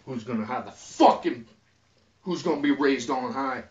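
Brief: agitated man, heavy swearing, sudden shifts from mumbling to shouting, dull lo-fi sound. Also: medium pitch, animated, moderate pace. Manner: profane and agitated, swinging from muttering to yelling. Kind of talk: rambling emotional rant to camera. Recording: distant, dull lo-fi recording.

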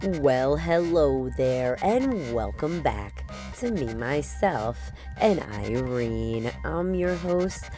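A woman's voice: very deep voice, animated, drawn-out words, few pauses, music in the background. A woman from New Jersey with a New Jersey accent, hosting a casual solo podcast in a brash, profane and playful way. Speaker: podcast host.

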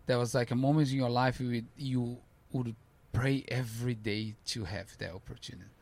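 Gravelly man telling a story animatedly. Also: medium pitch, normal speed. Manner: animated storytelling, acting out voices, broken English. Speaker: podcast guest, ultrarunner. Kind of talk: casual interview chat.

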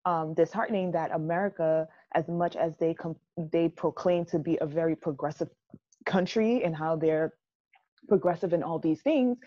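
Young woman from Jamaica, co-host, animated casual chat, mellow lowish voice, dull lo-fi recording. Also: normal speed. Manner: animated, emphatic, laughing asides. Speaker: podcast co-host. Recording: dull lo-fi sound.

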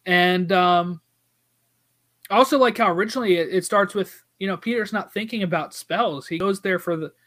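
Brief: man, high voice, casual film chat, animated, does the character lines. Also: normal speed. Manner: animated, acts out quoted dialogue. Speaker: podcast co-host. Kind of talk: casual movie discussion.

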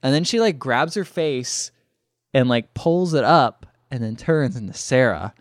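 A man's voice: measured pace, dry recording. Dry-voiced man recapping a film. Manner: animated retelling, acts out quotes in lowered voices. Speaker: podcast co-host recapping a film. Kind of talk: casual chat.

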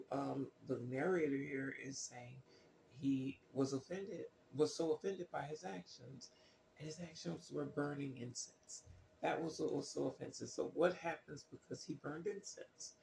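A man's voice: fairly high pitch, moderate pace, creaky, darkish tone, roomy sound, a little hiss or hum. A man reading scripture aloud and commenting on it in a loose, skeptical way, with many fillers and restarts. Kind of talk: casual spoken commentary on scripture.

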